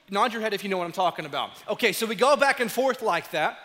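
Bright-voiced preacher in a reverberant hall. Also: male voice, high-pitched, fast talker. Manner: animated, acts out dialogue in storytelling. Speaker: pastor. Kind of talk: sermon.

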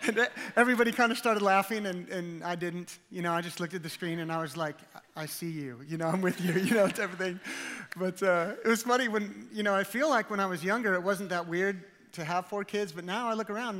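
A man's voice: high-pitched, fairly bright tone, big-room sound. A man in his thirties from the Dallas area, a guest preacher giving a chatty, joking sermon in a church with many fillers and restarts. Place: church auditorium.

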